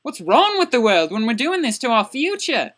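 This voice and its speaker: A woman's voice: a little high, big pitch swings, moderate pace, fairly bright tone. A woman playing a crude, indignant young man who rants exasperatedly in a comedic character vlog.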